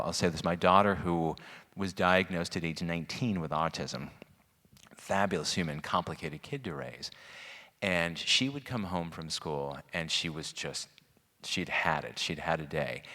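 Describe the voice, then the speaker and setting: A middle-aged man speaking as a guest at a parent Q&A, chatty and animated, self-described as manic. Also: sits low. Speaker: guest speaker on student stress. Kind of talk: informal parent-talk Q&A. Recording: long hall reverb.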